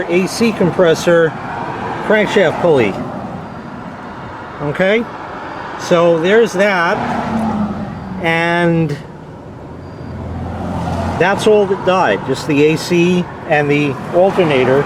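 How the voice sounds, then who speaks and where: A man with a rather high voice talks casually and wryly, rambling with the odd mild curse. He is outdoors next to a parked car, filming himself. Faint outdoor hum sits behind him. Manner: rambling, wry, swears lightly. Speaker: car owner vlogging a repair. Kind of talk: casual vlog.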